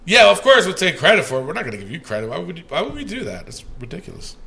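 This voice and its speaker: A man co-hosting a casual podcast, reading listener ratings aloud in a loose, profane way that swings from mumbling to yelling. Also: a little high, big pitch swings, rapid-fire, gravelly.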